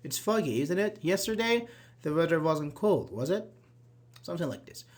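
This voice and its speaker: A man's voice: a little high, lively intonation, moderate pace. Man teaching a grammar class. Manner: explains patiently, acts out example sentences, many "uh-huh"s. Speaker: English teacher.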